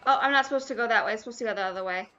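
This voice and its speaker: Woman game streamer, high and sharp, venting and cursing over slightly muffled audio. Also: very fast. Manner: exasperated, ranting, swears freely. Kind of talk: live-stream commentary.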